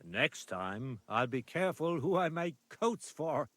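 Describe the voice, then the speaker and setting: An actor playing a wry tailor who speaks slowly and dryly in a video game. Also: male voice, a little high, very animated, a bit bright.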